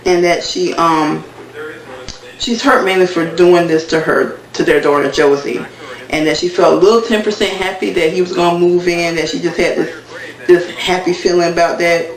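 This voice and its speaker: Gravelly man recapping a reality show. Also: on the high side, steady tone, normal speed. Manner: rambling, filler-heavy retelling. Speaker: TV recap vlogger. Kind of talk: casual episode recap. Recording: echoey room, mic at a distance.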